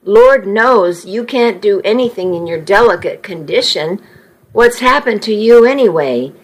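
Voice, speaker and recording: A blustering middle-aged father, blunt and sarcastic, ready to fight for his daughter, as a woman reading a story voices him. The delivery is unhurried and steady. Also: medium pitch.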